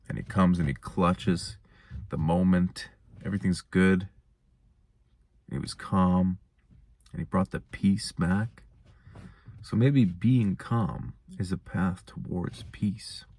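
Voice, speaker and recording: A man's voice: low-pitched, vocal fry, a little mellow, breathy edge. A young man hosting his own show, musing in a laid-back, rambling way. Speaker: host. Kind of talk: casual monologue.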